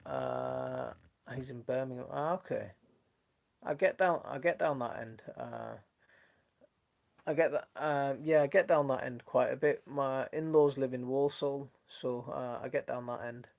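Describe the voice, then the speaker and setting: A gardening channel host from Northern England, with a mixed Leeds and Sheffield accent, streams live on his phone from his kitchen. His mid-range voice is a little slow, creaky and a little mellow, and he chats warmly, reads viewer comments aloud and trails off into restarts.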